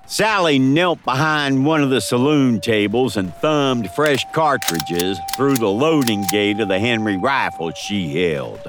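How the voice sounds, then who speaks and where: Expressive male audiobook narrator. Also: mid-range voice, unhurried, few pauses. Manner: dramatic, expressive storytelling. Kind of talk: scripted western audiobook narration.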